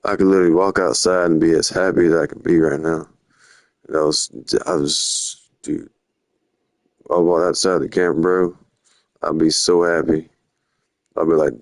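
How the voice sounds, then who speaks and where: A young man talks on a live stream, wandering loosely from one story to the next in casual slang. His voice sits very low. The sound is dry and close, with no room around it. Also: little pitch movement, normal speed, pauses often, dry recording. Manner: rambling, slangy, drifting storytelling. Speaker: livestreamer. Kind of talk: rambling live-stream chat.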